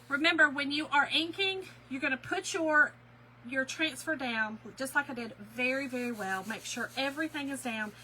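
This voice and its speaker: A middle-aged woman leads a live craft tutorial in a bright, forceful voice, chatty and folksy with her viewers. Her pitch sits a little high, and a faint hum runs underneath. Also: poor audio. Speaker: craft instructor.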